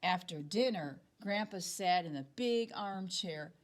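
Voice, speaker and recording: A woman, a second-grade teacher, reading a picture book aloud to children in a slow, expressive, dramatic way. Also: lowish voice, slight background noise.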